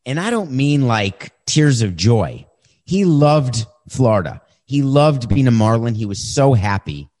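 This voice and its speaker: A man's voice: medium pitch, measured pace. A man in his fifties hosting a podcast, answering listener questions in a direct, conversational way and telling stories. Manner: direct, conversational, animated when retelling. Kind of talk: casual storytelling.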